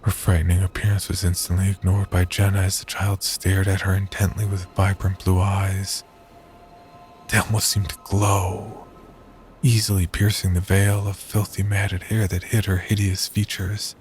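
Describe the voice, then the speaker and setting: Deep, flat-voiced male horror narrator. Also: slight background noise. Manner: measured, even storytelling.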